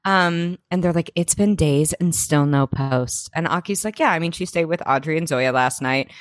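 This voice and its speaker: A woman's voice: low voice, moderate pace, no room sound, clean studio sound. A young woman co-hosting a podcast, giggly and profane as she recaps a TV episode in casual chat. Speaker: podcast co-host.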